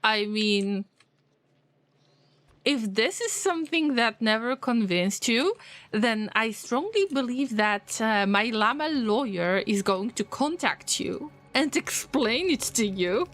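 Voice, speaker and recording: Recorded dry, a woman speaks slowly in a high-leaning, expressive voice with a fairly bright tone. She's streaming a game and chatting casually with her viewers, teasing them and joking in response to their messages.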